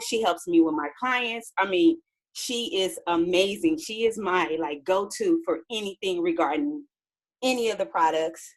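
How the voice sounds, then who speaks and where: A woman's voice: lowish voice, unhurried, rough recording. A woman calling in, speaking hesitantly and affectionately. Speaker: caller. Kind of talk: casual chat.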